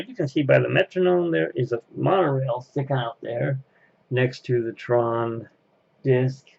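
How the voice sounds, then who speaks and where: A man's voice: medium pitch, gravelly, highs cut off. A man chatting casually on camera as an interviewee, rambling and laughing at himself. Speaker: Disney fan interviewee. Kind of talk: casual chat.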